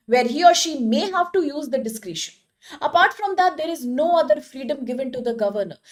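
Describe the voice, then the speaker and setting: A woman's voice: sits high, darkish tone. A woman with an Indian English accent teaching an online exam-prep lecture, explaining step by step and asking rhetorical questions of her students.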